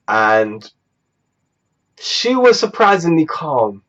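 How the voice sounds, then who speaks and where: A young man telling a storytime vlog, animated and exasperated, swearing freely, on a dull lo-fi recording. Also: a little high, a little slow. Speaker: vlogger.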